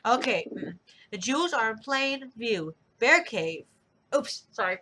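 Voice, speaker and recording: A woman's voice: a little high, big pitch swings, measured pace, sharp tone. A woman co-hosting a casual chat, adding chatty, playful asides. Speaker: co-host.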